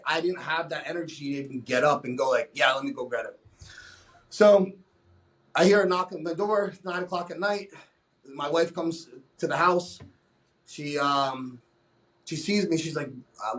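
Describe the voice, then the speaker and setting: A young man on a podcast speaks in a fairly high voice as he tells his own story plainly. He swears freely, restarts his sentences often, and keeps up a candid conversational flow. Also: fairly quick. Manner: blunt and profane, with many restarts. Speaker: podcast guest.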